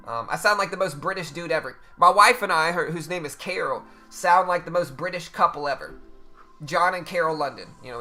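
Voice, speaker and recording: A man talks loosely to his live-stream chat about the market in a bright, forward voice that sits a little high. He drops casual slang like bro and dude. Faint music plays underneath. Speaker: livestream trading host.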